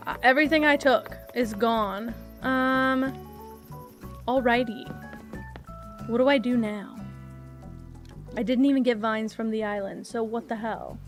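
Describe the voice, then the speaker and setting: A woman's voice: a little high, unhurried, pauses often, soft background music. A woman streaming a video game, chatting casually and rambling to her viewers. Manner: chatty, rambling, talks to chat. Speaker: live streamer. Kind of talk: casual live-stream chat while gaming.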